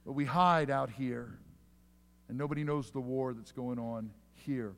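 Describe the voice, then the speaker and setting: Man, pastor mid-sermon; mid-pitched voice in a reverberant church, animated storytelling that drops to quiet, slow emphasis. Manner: animated storyteller, rising loud for punchlines, then dropping soft and slow. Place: church sanctuary. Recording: long hall reverb.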